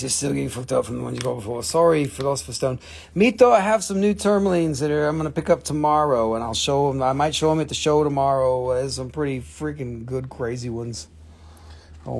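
A man selling rocks on a live auction stream, excitable and swearing, mocking himself as he slashes prices. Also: a little high, gravelly. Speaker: live-stream rock seller. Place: shop.

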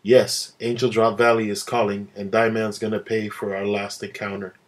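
A man's voice: fairly low pitch, flat delivery, normal speed, close to an everyday voice. A man voicing a stern male pirate captain who is blunt and commanding. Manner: blunt, questioning.

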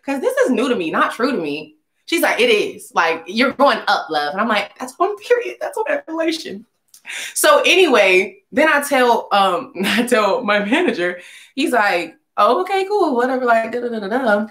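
Animated young woman telling a story, echoey room. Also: on the high side, normal speed. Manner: animated, slangy, acts out voices of others in her story. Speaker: singer vlogging a story. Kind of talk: casual storytime vlog.

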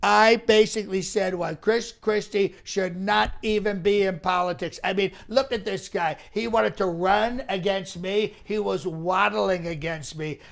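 A comedian playing a boastful, blustering former president, rambling and trading insults in a live comedy stream. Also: male voice, high voice, steady tone, unhurried, vocal fry, hardly any pauses.

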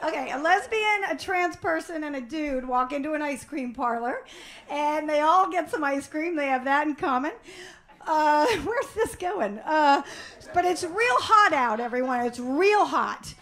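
Stand-up comic, woman, high bright voice, dry mock-earnest delivery with sudden loud bursts. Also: lively intonation, unhurried. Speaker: stand-up comedian. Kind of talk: stand-up comedy set. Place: stage before a live audience.

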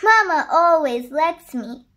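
A woman's voice: high-pitched, lively intonation, slow, pushed and bright, heavily acted. A woman reading a children's story and voicing a stubborn little boy donkey who pleads and wheedles. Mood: wheedling.

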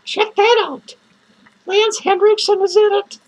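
A man playing a lonely, bitter, foul-mouthed female clown in a comedic horror-movie review skit, rambling and swearing in a shrill falsetto. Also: flat delivery, unhurried, rough recording. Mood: boasting. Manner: rambling, swearing, cackling between lines.

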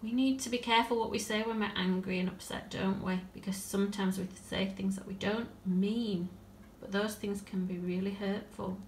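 A woman teacher reading a story aloud for young pupils and explaining it gently, with coaxing questions. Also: mid-range voice, fairly even intonation, normal speed, few pauses, roomy sound, a little hiss or hum. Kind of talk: storytelling lesson for children.

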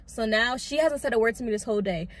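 A young adult woman and lash artist telling a storytime with a calm, chatty delivery full of "like". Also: fairly high pitch, fast talker. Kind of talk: casual storytime.

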